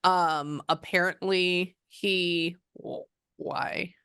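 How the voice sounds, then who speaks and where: A woman's voice: on the low side, steady tone, drawn-out words, pushed and bright, clean tone, dry recording, studio quality. A woman psychic medium giving a casual reading, thinking aloud and exclaiming often.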